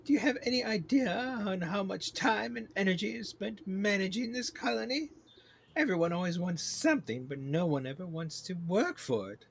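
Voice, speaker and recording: A man's voice: high voice, lively intonation, moderate pace, creaky, slight background noise, pitched above the performer's own voice. Haughty queen bee ruler, put on by a male streamer, imperious and scolding. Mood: scornful.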